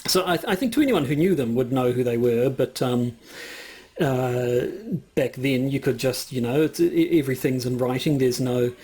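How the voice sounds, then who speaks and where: Husky-voiced man co-hosting a podcast. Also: medium pitch, moderate pace, darkish tone. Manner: rambling, hesitant, many fillers and restarts. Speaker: podcast co-host. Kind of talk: casual chat.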